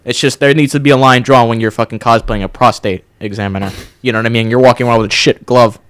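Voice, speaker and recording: Fast, profane male co-host, mid-pitched voice, dry close mic. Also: fairly even intonation, fairly bright tone, smooth, no echo. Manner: quick, profane, keeps saying "you know what I mean". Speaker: podcast co-host. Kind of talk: casual chat.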